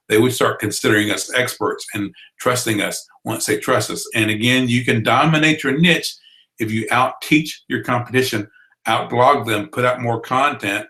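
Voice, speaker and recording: A man with a Southern drawl teaches a blogging boot camp over an online broadcast. His voice is bright and forceful, and he talks in a folksy, encouraging way, often circling back to repeat a point. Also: medium pitch, poor audio. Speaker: blogging course instructor.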